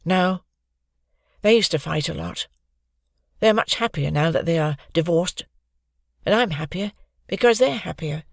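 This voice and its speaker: A narrator voicing a quiet young boy in a children's audiobook, answering plainly. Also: mid-range voice, a little slow, creaky, long pauses, no echo, studio quality, pitched above the performer's own voice. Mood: calm. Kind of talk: audiobook character voice.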